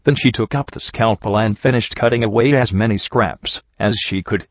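A man narrating a first-person story in a low, steady voice. The recording is dry with no room sound and a slightly dull top end, like a home audiobook setup. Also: moderate pace, no echo. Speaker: audiobook reader.

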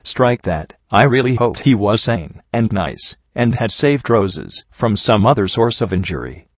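A man giving steady, measured first-person audiobook narration. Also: fairly low pitch, no room sound, lo-fi sound.

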